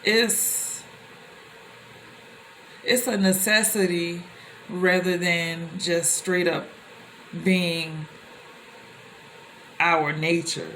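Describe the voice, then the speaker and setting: A young woman telling personal stories to the camera in a loose, conversational way, with animated exclamations. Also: on the low side, extremely slow, pauses often, slight background noise. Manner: animated, with rising exclamations when quoting others; loose and conversational, with many fillers and restarts. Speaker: vlogger.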